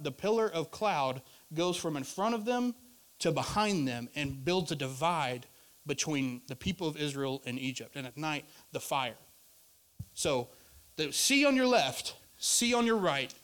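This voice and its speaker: A male pastor preaching a sermon in a conversational way, rising to loud emphasis and dropping to quiet asides. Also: fairly high pitch.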